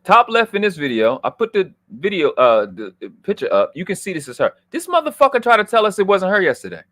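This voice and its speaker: A man hosting a livestream, ranting in a heated, profane way and swinging from low muttering to loud outbursts. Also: huge pitch swings, fast, few pauses, dry recording, studio quality. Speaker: livestream host.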